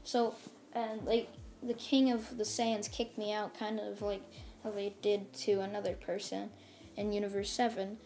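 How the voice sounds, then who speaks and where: A woman's voice: mid-range voice, little pitch movement, measured pace, warm tone. A woman casually narrating a fan story off the cuff, rambling and filling her talk with "like" and "and stuff". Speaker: channel host. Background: faint music.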